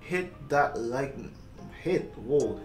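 A man's voice: medium pitch, animated. A young man hosting a reaction video, chatting casually and interjecting. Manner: chatty, quick interjections, upbeat sign-off. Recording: echoey room with background music.

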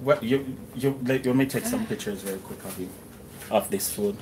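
A man's voice: on the low side, moderate pace, far from the mic. A Jamaican man co-hosting a home cooking livestream, joking, teasing and humming fanfares. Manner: jokey, sings fanfare sounds, teasing. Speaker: co-host. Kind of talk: casual livestream chat. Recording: noisy home recording.

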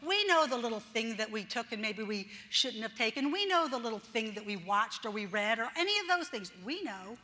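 A woman's voice: a little high, big pitch swings, brisk, hardly any pauses, bright, forceful tone. An older woman pastor giving a chatty, self-deprecating sermon, acting out little voices and laughing as she goes. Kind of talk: conversational sermon. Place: church sanctuary. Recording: reverberant church hall.

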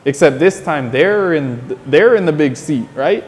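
A man's voice: on the high side, animated, unhurried, darkish tone, in a large hall. A man from the United States, interviewed outdoors, talking in a passionate, preachy monologue that keeps repeating its points. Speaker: interview guest.

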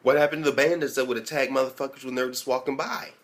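A man's voice: medium pitch, steady tone, very fast. A man giving a casual spoken anime episode review, rambling and swearing heavily with lots of "like" fillers.

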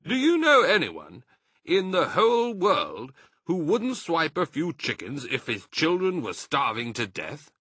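A man voicing Mister Fox, a bold and cunning father fox who talks in a lively, theatrical way. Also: a little high, a little slow, husky, no echo, studio quality, voice pushed up, heavily acted. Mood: confident.

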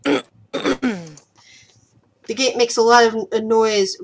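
A woman's voice: a little high, fairly even intonation, slow pace. A woman narrating a tabletop game as game master, often laughing and tripping over her words.

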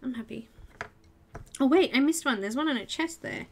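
A woman's voice: high-pitched, lively intonation, moderate pace, gravelly. A woman chatting and giggling through a live coloring tutorial, talking to herself as she works. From Australia. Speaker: art tutorial host.

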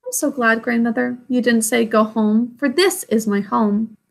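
A woman's voice: fairly high pitch, normal speed, vocal fry. A woman reading aloud, voicing an eager young princess who asks her grandmother questions. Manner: pleading, questioning.

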